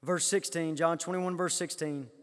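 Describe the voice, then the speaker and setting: A man preaching a sermon, rising loud when quoting scripture and dropping low for his own comments. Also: fairly even intonation, normal speed. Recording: long hall reverb.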